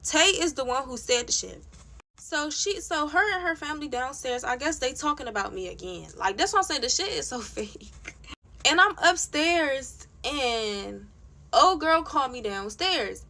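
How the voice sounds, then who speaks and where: A woman's voice: high voice, lively intonation, moderate pace, gravelly, bright, forceful tone. A young woman vlogger telling a story in a casual rant, blunt and profane, with lots of "like" fillers. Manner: blunt, profane, heated retelling with many "like" fillers.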